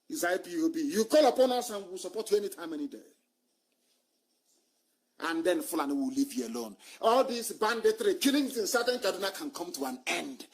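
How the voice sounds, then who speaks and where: A man delivers a passionate live broadcast address, his voice pitched high and noticeably husky. He is scornful and fiery, jumping from loud outbursts to low, muttered asides. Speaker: political movement leader.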